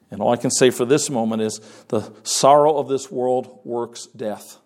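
A man preaching a sermon in a conversational way, pausing and repeating words as he goes. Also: on the high side, darkish tone.

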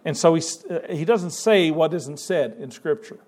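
A man's voice: fairly high pitch, normal speed, darkish tone. A man preaching a sermon in a conversational way, with sudden emphatic rises.

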